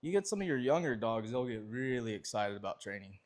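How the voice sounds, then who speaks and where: A man's voice: medium pitch, very animated, fairly quick, darkish tone. A man explaining dog obedience training in a casual, rambling way, often restarting his sentences.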